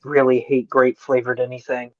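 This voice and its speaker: A man's voice: mid-range voice, flat delivery, moderate pace, darkish tone, dry recording, muffled recording. A man co-hosting a podcast who jumps in with jokes and swearing during casual banter. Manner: joking, interjecting, swearing. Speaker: podcast co-host.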